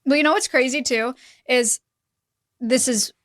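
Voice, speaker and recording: A woman co-hosting a podcast in casual chat, sympathetic and quick to laugh. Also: sits high, fairly bright tone, no echo, studio quality. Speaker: podcast co-host.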